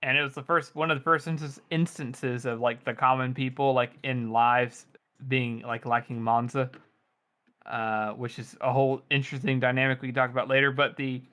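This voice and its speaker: A man's voice: medium pitch, flat delivery, moderate pace, bright, forceful tone. A man co-hosting a book podcast, talking casually with rambling asides. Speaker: podcast co-host.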